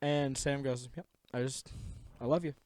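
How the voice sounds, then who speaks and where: A man's voice: mid-range voice, steady tone, normal speed, a little mellow, no echo. A young man co-hosting a podcast, telling a story in a rambling, laughing way and acting out quotes in silly voices. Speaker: podcast co-host. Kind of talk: casual chat, storytelling.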